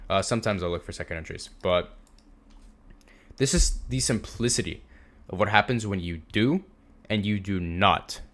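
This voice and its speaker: A man's voice: low voice, fairly bright tone. A young man teaching a trading lesson over a screen share, casual and emphatic, repeating words for stress. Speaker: trading instructor.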